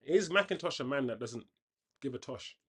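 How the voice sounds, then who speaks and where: A man hosting a casual football watchalong, chatting on tangents and reacting loudly to the play. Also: mid-range voice, lively intonation, normal speed, slightly rough. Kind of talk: casual live match commentary.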